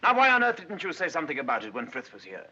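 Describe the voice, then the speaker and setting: A man's voice: fairly high pitch, sing-song, rapid-fire, sharp tone, slightly rough, heavily acted. An actor playing a wealthy, brusque husband who teases and scolds his young wife in a 1940s film. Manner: brusque, teasing, impatient. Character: wealthy, brusque, teasing man of the house. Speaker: husband, master of the house. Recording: dull 1940s film soundtrack with faint music.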